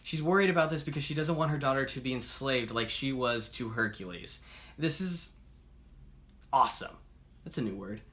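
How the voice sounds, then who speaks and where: A man's voice: medium pitch, fast, few pauses, fairly bright tone. A man reviewing a comic book in a chatty, upbeat way, acting out the characters' lines as he retells the story. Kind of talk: casual spoken review.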